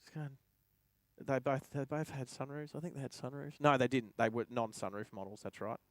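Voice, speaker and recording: A young Australian man hosting a driving livestream speaks briskly at medium pitch in a steady tone, with no echo. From inside the car he casually rambles through an anecdote, chuckling along the way.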